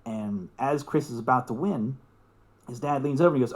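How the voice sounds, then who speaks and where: A young man with a mid-pitched voice tells a story as a podcast guest. He talks casually, swears freely and laughs as he goes, turning excitable as the story builds. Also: moderate pace.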